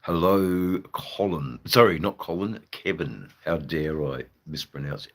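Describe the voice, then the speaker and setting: Australian male streamer, very deep, slow, rambling casual chat with viewers. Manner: rambling, chatty, swears casually. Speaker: live streamer.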